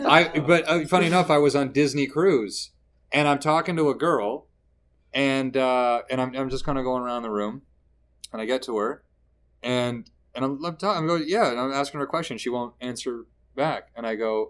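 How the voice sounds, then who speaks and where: Animated comedian guest from Canada. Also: male voice, medium pitch, normal speed. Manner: animated storyteller, acts out quoted lines. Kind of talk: casual interview chat.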